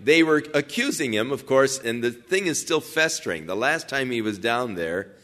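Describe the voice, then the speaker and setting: A man of middle pitch delivers a verse-by-verse sermon. He reads scripture aloud and then explains it conversationally. Along the way he briefly acts out what the crowd in the passage says. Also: lively intonation, normal speed, fairly bright tone. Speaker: preacher.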